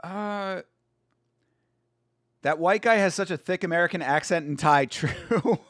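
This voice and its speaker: A young man hosting a casual live watch-along stream, chatty and excitable, full of slang and swearing. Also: high voice, measured pace, no room sound, clean studio sound. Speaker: stream host.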